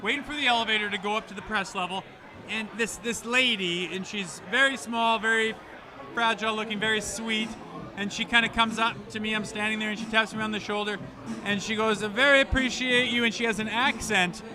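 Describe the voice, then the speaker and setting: High-pitched man, hockey co-host, punchy cussing storyteller, loud music behind. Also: fairly even intonation, a little fast. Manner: emphatic, profane storytelling. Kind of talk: live post-game chat. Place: bar during live show.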